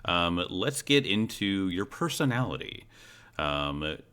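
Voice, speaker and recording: A man acting as game master guides players through character creation in a tabletop role-playing game, full of fillers and restarts. His low voice moves slowly, with big pitch swings and a bright, forceful yet smooth tone.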